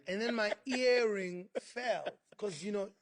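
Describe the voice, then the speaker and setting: A South African man, a podcast guest, telling an animated story and acting out other people's lines. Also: sits high, unhurried. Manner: acts out other people's voices, laughing while telling. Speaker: interview guest.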